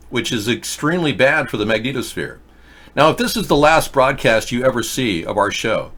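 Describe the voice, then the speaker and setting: A man hosting a political talk show, ranting in a rambling monologue, lurching from loud high outbursts to low mutters. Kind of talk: rambling live-stream monologue.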